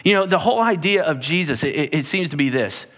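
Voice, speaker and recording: Male pastor, high-pitched, animated storytelling sermon delivery. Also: fast talker. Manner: animated, dramatic retelling with voiced characters. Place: church hall.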